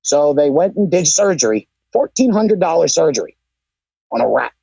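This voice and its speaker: A man's voice: a little high, big pitch swings, moderate pace, gravelly, dark tone, husky, no room sound. A man co-hosting a wrestling podcast in casual, profane banter, telling stories full of quoted voices. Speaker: podcast co-host. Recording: dry, dull lo-fi sound.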